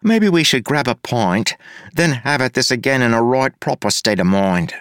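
A man's voice: medium pitch, expressive, normal speed, fairly bright tone, smooth, no room sound, studio quality, pitched above the performer's own voice, close to an everyday voice. A man voicing a brash, mocking evil female double of the hero, using exaggerated street slang. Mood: taunting.

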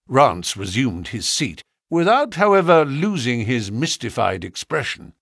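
A man narrating a classic detective novel in an expressive storytelling style. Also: medium pitch, a little slow, creaky, few pauses, slightly rough, dry recording, studio quality. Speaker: audiobook narrator. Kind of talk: audiobook narration.

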